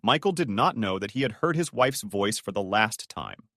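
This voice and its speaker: A man's voice: fairly low pitch, expressive, moderate pace, fairly bright tone, no room sound, studio quality. A man doing scripted dramatic narration in an emphatic manner.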